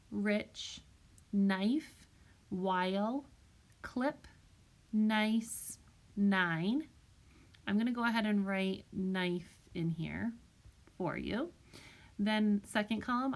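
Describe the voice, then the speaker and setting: A woman teacher giving a recorded spelling lesson to young children, patiently sounding out each word. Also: medium pitch. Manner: slow, patient, sounds words out carefully. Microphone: tablet microphone.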